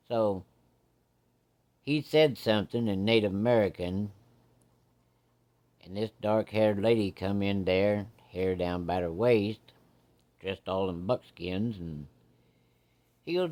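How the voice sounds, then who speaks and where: Low-voiced man telling a folksy tale. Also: slow pace, pauses often, a little mellow. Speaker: storyteller. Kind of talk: folksy spoken storytelling.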